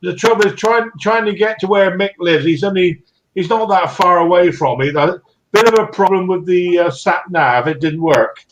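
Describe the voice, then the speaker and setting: A man's voice: high voice, moderate pace. Jokey man over a noisy line. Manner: jokey, chuckling. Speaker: guest. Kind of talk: casual live stream banter.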